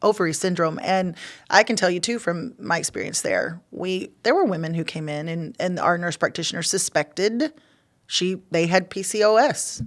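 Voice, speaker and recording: A woman with a slightly low voice chats casually on a podcast, full of filler words. She explains things in a loose, conversational way. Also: moderate pace. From Hispanic heritage. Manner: chatty, frequent fillers. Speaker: podcast co-host, former clinic worker. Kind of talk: casual chat.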